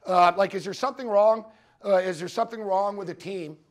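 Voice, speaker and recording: High-voiced guy at a conference, swearing a lot, telling betting stories and repeating his point. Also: brisk. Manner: profane, storytelling, punchy repetitions. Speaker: sports betting show host giving a conference talk. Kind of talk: animated anecdotal presentation. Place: conference room with audience.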